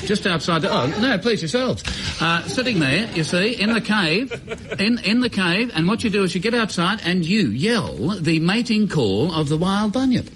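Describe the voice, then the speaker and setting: A man's voice: high voice, expressive, normal speed, fairly bright tone, slight background noise. A man telling a tall-tale joke on a radio show, chuckling and repeating himself as he goes. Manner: chuckling storyteller, repeats words and restarts.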